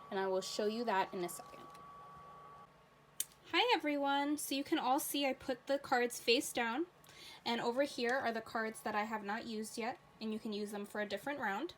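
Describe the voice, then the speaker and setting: A woman teacher reading a rhyming picture book aloud to children, then explaining a card game in a clear, patient way. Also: a little high, a little hiss or hum, low-quality recording.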